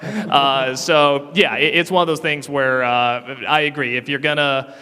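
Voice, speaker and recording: A man's voice: mid-range voice, steady tone, normal speed, pushed and bright. A man with a scratchy throat answering audience questions on a convention panel in a casual, chatty way, often restarting and laughing. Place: convention hall. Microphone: handheld mic. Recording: reverberant convention hall.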